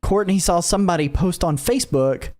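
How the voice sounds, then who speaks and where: A man's voice: high voice, fairly quick, darkish tone. A man in his thirties, co-hosting a podcast in casual chat, telling a long story with lots of fillers and acted-out quotes. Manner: rambling storyteller, acts out quotes. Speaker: podcast co-host.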